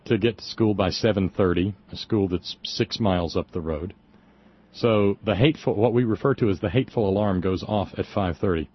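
A middle-aged man, co-hosting casual radio talk, halting with wry humor. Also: fairly low pitch, husky, highs cut off. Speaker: co-host.

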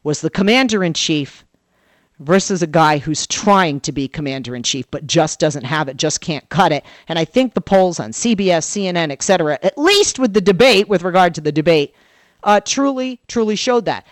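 A woman political commentator, a guest on a radio talk show, telling an animated story and acting out the dialogue she quotes. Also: fairly low pitch, normal speed, no echo, clean studio sound.

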